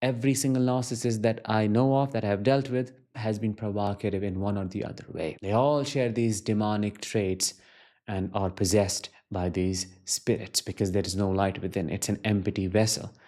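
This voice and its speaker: A man's voice: fairly low pitch, fairly even intonation, moderate pace, dark tone. A man hosting his own channel, telling personal stories to camera in an earnest, reflective way with emphatic questions. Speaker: self-help channel host. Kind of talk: personal storytelling monologue to camera.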